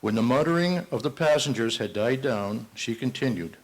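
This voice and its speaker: A man's voice: medium pitch, expressive, moderate pace, few pauses, rough recording. An older man from Massachusetts giving a parade marshal's acceptance speech at a banquet, telling a joke and chatting in folksy, self-deprecating asides. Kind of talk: ceremonial speech with a told joke. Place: banquet hall at a ball.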